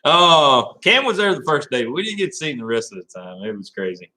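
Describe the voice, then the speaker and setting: A man's voice: medium pitch, big pitch swings, fairly quick, noisy background. A man hosting a casual live stream, rambling and laughing as he talks to viewers by name.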